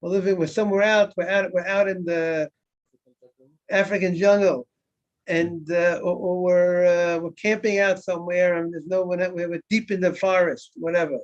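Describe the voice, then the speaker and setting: Rabbi guy with a high voice teaching gemara, keeps asking the class stuff and answering it, muffled lo-fi audio. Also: level tone, normal speed. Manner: repeats words, asks students questions and answers them. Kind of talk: informal Talmud lesson. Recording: dull lo-fi recording.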